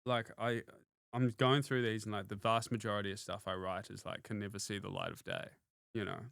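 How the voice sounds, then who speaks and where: A man's voice: on the low side, fairly quick, creaky, fairly bright tone, clean tone, dry recording, clean studio sound. A man, a comedian guest on a podcast, laid-back and self-deprecating, often trailing off mid-thought. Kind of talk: casual chat.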